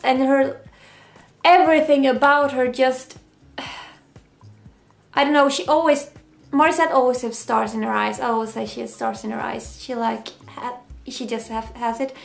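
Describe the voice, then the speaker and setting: A woman from Sweden, hosting a casual reaction vlog and gushing with emotion. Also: sits high. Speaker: YouTube reaction host. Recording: roomy echo.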